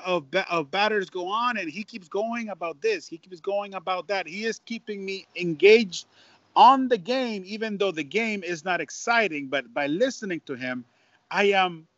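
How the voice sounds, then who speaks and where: A man with a notably high voice tells a story in an animated way, repeating words and mixing in Spanish. The sound is dry and somewhat dull. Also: moderate pace, no room sound. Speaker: baseball broadcaster, guest. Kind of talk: storytelling in an interview. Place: at home.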